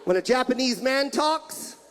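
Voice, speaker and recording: A man performing a stand-up comedy set, shouting punchlines and mimicking accents, recorded live in front of a laughing audience. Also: very high voice, lively intonation, measured pace, in a large hall, a little hiss or hum. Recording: live show with loud crowd.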